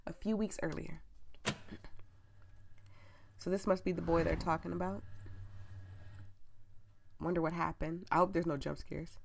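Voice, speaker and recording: A woman's voice: lowish voice, flat delivery, normal speed, gravelly, long pauses, a little hiss or hum. A woman with a stuffy cold, chatting casually and apologetically to viewers while playing a game. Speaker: let's play host.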